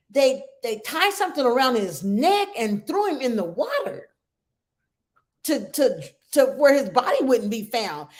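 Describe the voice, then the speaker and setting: A middle-aged woman hosting a support group for grieving mothers, telling a story in an earnest, emotional way and often checking in with "right?" and "okay?". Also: on the high side.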